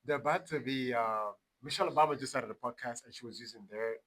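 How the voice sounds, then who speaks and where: A man's voice: mid-range voice, fast talker, crowd noise, rough recording. A young man co-hosting a casual podcast, telling a story with lots of laughter. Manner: animated storyteller, laughs often. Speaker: podcast co-host.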